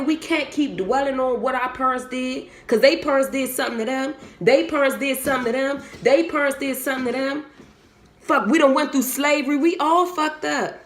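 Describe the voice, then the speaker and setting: A young woman talking candidly and bluntly to her viewers, swearing freely and speaking from the heart. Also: high-pitched. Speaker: vlogger. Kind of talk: candid motivational talk to camera. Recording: roomy echo.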